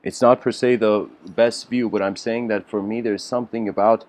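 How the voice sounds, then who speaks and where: A man's voice: fairly low pitch, steady tone, normal speed, darkish tone. Rambling man telling a story. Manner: rambling, many fillers and self-corrections. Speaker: lecturer. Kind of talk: casual spoken storytelling lecture.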